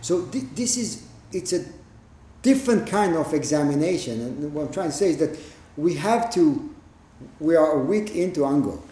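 A man gives a Zen dharma talk in a meditation hall, plain-spoken and emphatic, with rhetorical questions. His voice sits a little high and mellow. The room adds a clear echo. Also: lively intonation, moderate pace. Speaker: Zen teacher.

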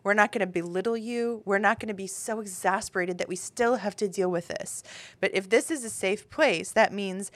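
A woman's voice: medium pitch, moderate pace, no room sound. A woman hosting a podcast, talking in an earnest, reflective way. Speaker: podcast host. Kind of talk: casual chat.

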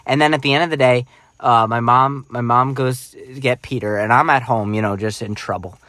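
A man co-hosting a podcast, telling a childhood story in casual chat, animated and acting out quoted voices with many restarts. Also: medium pitch, brisk, no room sound, clean studio sound. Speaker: podcast co-host.

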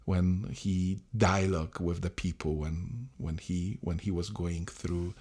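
Deep-voiced priest speaking haltingly. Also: male voice, fairly even intonation, a little mellow, slightly rough. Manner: halting, many restarts and fillers. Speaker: priest, podcast co-host. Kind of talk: conversational reflection.

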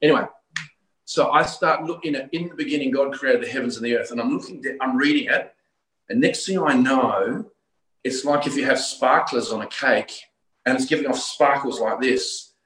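A man from Australia, middle-aged or older, telling his personal story of religious conversion as a guest, earnest and full of halting restarts. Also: mid-range voice, fairly bright tone. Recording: roomy echo.

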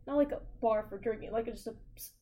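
A woman's voice: on the high side, fast talker, dark tone. A young American woman in casual chat, laid-back and blunt, with many fillers.

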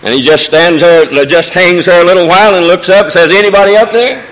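A man's voice: a little high, a little fast, a bit bright. A man preaching a Sunday sermon, moving between folksy asides and rising, emotional cadences. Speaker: pastor. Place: church sanctuary during a service. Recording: long reverb of a church hall.

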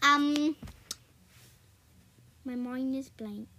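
A woman's voice: high voice, slow pace, long pauses, sharp tone. A woman co-hosting a podcast in casual chat, playful and giggly, hopping from topic to topic. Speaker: podcast co-host.

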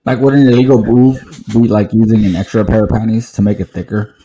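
A man co-hosting a podcast, joking in slow, sometimes mumbled banter. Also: fairly low pitch, fairly even intonation, dark tone, highs cut off. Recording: noisy background.

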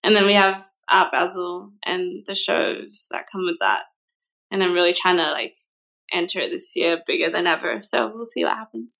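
A woman's voice: lowish voice, lively intonation, normal speed, gravelly, a bit bright. Woman, podcast guest, chatty, loose, casual interview talk. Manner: chatty, loose, with frequent fillers. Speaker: guest artist.

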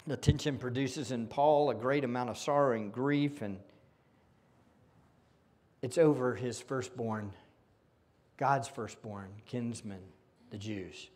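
A man preaching a sermon as pastor, moving from hushed whispers to loud emphatic exclamations. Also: mid-range voice, takes it slowly, long pauses. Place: church sanctuary.

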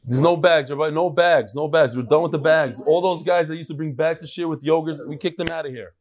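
A man's voice: a little high, fast talker, darkish tone. A man teaching a casual religious class to a live audience, joking and bantering with the room between lessons. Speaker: rabbi teaching a daily class. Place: study hall with a live audience.

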